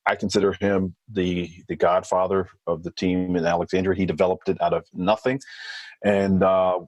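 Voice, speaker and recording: A man being interviewed as a former hostage negotiator, explaining in a measured way with thinking fillers. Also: deep voice, dry recording, rough recording. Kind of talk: podcast interview.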